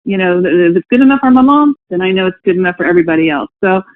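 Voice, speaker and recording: A woman's voice: lowish voice, expressive, racing, dry recording. A woman speaking as a guest executive on a company call, enthusiastic and laughing often. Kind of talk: casual conference-call talk. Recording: dry tinny phone line.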